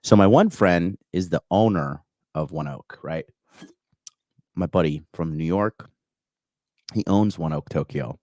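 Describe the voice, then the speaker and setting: A man's voice: deep voice, unhurried, pauses often, darkish tone, no room sound, clean studio sound. A man in his thirties hosting a call-in livestream, rambling casually and crudely, full of "like" and "you know" while he reads out viewer comments. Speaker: call-in show host.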